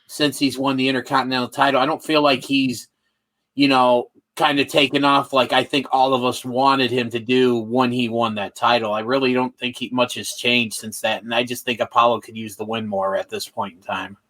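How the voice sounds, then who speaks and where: A man's voice: mid-range voice, fairly even intonation, moderate pace, a bit bright. A man co-hosting a casual podcast, chatty and hesitant, restarting his sentences as he gives his opinions. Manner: chatty, hesitant, full of fillers. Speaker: podcast co-host. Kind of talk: casual chat.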